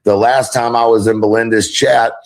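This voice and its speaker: A man's voice: mid-range voice, steady tone, moderate pace, gravelly. A man ranting on a casual livestream, defiant and profane, with a drawling delivery. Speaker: livestreamer being critiqued.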